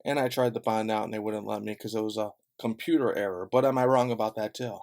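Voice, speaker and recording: A man's voice: on the low side, steady tone, quick pace, darkish tone. A man from Chicago delivering a heated, sarcastic, profane rant straight to camera. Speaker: vlogger.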